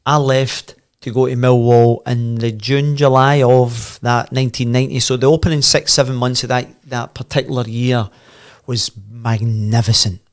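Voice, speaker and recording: A man's voice: medium pitch, normal speed, few pauses. Glasgow guy in his 50s telling a rowdy old football story, laughs n swears a lot, talks like he's down the pub. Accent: Scottish, Glasgow. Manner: animated, laughs and swears freely while telling. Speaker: podcast guest, former footballer. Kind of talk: casual anecdote storytelling.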